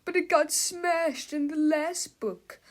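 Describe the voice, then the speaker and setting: A woman voicing a panicky, whiny nerdy boy genius, pitched up, loud and drawn out. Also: lively intonation, heavily acted. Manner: high, loud, slow wailing.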